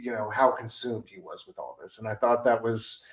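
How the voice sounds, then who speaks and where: A man's voice: lowish voice, fairly quick, low-quality recording. Rambling man gushing about a film. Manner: rambling, heavy on fillers like "like" and "you know". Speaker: podcast co-host. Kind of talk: casual film discussion.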